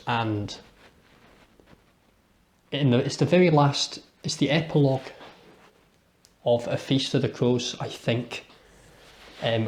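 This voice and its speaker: A man's voice: mid-range voice, darkish tone. A young man with a Scottish accent, reviewing a TV episode in a chatty, rambling live commentary with restarts and small laughs.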